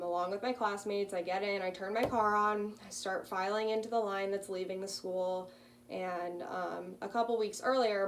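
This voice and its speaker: Young woman telling a personal story. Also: medium pitch. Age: early 20s. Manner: casual, frequent ums. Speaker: student. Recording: distant mic with faint hum.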